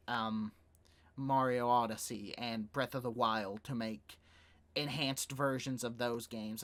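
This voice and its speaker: A man's voice: medium pitch, fairly bright tone. A young man co-hosting a casual podcast, rambling with fillers and laughing easily as he chats. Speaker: podcast co-host. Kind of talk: casual chat about video games.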